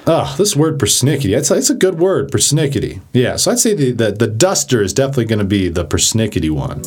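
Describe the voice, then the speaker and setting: Lively, chatty man teaching a word. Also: mid-range voice, quick pace, husky. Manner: animated, chatty, acts out examples. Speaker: vocabulary teacher. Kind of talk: casual vocabulary lesson.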